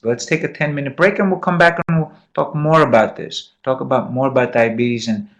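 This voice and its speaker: A man's voice: mid-range voice, fairly even intonation, fairly quick, a bit bright. A man lecturing medical students in a classroom, quizzing them, repeating key points and encouraging answers.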